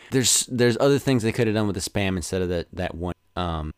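A man's voice: sits low, lively intonation, fairly quick, smooth, no echo, clean studio sound. A young man co-hosting a casual podcast chat, rambling and self-deprecating. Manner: rambling, self-deprecating, jokey quoted voices. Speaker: podcast co-host.

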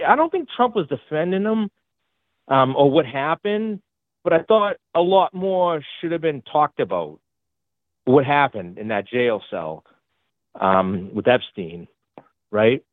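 A man with a heavy Boston accent rambles through his points with frequent fillers and restarts. He is calling in over a tinny phone line that sounds dry and close. His pitch sits in a middle range. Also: sing-song, a little slow, dry recording. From Boston area. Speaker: caller. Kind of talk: call-in talk. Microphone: phone call.

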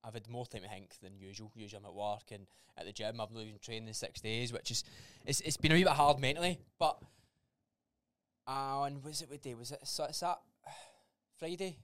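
A man's voice: medium pitch, steady tone, normal speed, a bit bright, clean tone, dry recording, clean studio sound. A young man in a casual podcast chat, blunt and swearing freely, acting out remembered conversations. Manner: blunt, swears freely, acts out quoted dialogue. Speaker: podcast co-host.

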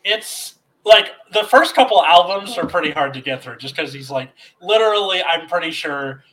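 A man's voice: on the high side, animated, moderate pace, a bit bright, low-quality recording. A man in his twenties co-hosting a casual comedic podcast, rambling and swearing freely. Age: 20s. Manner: rambling, profane, many fillers. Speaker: podcast co-host.

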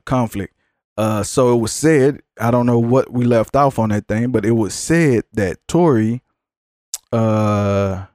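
A man's voice: fairly low pitch, no room sound, clean studio sound. Profane ranting man hosting a podcast. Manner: profane, blunt, ranting, animated. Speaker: podcast host. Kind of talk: casual podcast rant.

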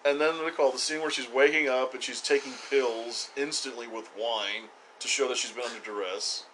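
A man's voice: mid-range voice, fairly even intonation, normal speed, pushed and bright, a little hiss or hum, poor audio. A man co-hosting a podcast in casual chat, acting out scenes in put-on voices as he talks. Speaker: podcast co-host.

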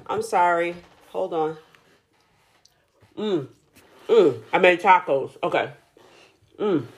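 Recording her solo podcast alone at home, a woman chews food as she talks, giggling, losing her place, and restarting as she rambles. Her voice is fairly low and husky with lively intonation, slow, with frequent pauses.

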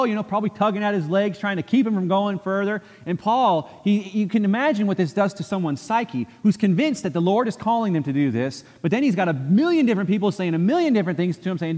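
A man's voice: sits high, expressive, a little fast, few pauses, a little mellow, long reverb tail. A man preaching a sermon from a church pulpit, earnest, repeating phrases for emphasis and acting out quoted speech. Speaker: pastor. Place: church sanctuary.

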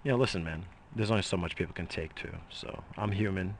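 A man's voice: sits low, fast talker, slight background noise. A middle-aged man in a casual, rambling monologue, swearing freely and coughing between lines. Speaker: vlogger.

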